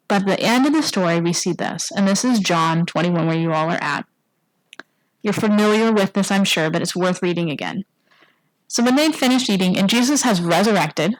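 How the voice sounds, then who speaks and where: A woman of middle pitch gives a relaxed, conversational sermon to her church. She keeps checking in with her listeners and briefly acts out the figures she quotes. The sound is dry, with little room echo. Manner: casual, asks the congregation "right?" often; acts out quoted lines in a livelier voice. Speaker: church speaker. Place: church sanctuary.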